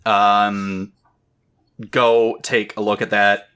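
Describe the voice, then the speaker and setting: A man co-hosting a podcast in casual chat, excitable and swearing freely, with lots of "um". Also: on the low side, extremely slow, clean tone. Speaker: podcast co-host.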